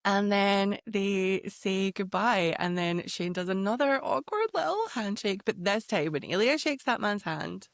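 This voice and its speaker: A woman co-hosting a podcast, gushing and animated as she recaps a TV show and laughs often. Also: medium pitch, measured pace, few pauses, dry recording, clean studio sound. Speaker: podcast co-host. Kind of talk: casual chat recapping a TV show.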